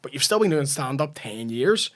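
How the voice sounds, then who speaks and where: A man with a Northern Irish accent, a comedian guest telling animated stories in casual podcast chat and swearing freely. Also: medium pitch, moderate pace.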